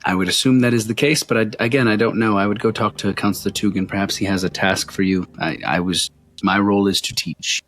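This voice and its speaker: A man's voice: on the low side, fairly even intonation, quick pace, fairly bright tone, close to an everyday voice. A man voicing a polite, awkward noble scholar at a dinner, hesitant and overly courteous.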